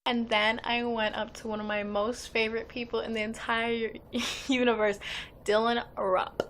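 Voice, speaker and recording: A woman's voice: a little high, moderate pace, background noise. Chatty young woman telling a fan story. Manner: chatty and excitable, quoting others with "like". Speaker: fan vlogger. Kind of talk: casual storytelling vlog.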